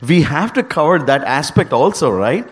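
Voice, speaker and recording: A man giving a devotional talk to a gathering, speaking earnestly in halting phrases with frequent restarts. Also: fairly high pitch, very animated, breathy edge, long reverb tail. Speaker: devotional speaker leading group singing.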